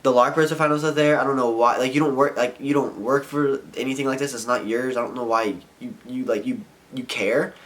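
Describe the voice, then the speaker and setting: Young male vlogger, mid-pitched, frustrated casual rant with lots of fillers. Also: steady tone, a little fast. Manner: frustrated rambling, heavy filler "like". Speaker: vlogger and skater. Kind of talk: casual ranting vlog.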